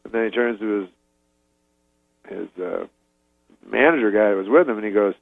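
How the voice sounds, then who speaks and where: A man from Canada, a guest comedian, telling a long story in a meandering, deadpan way with trailing asides. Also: lowish voice, moderate pace, gravelly, no room sound. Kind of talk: podcast storytelling. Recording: dull dry recording.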